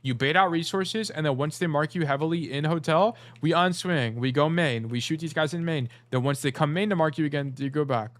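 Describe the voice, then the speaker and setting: A man's voice: fairly high pitch, a little fast, hardly any pauses. A man coaching a player through gameplay footage in a casual, blunt way, often repeating short commands. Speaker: game coach.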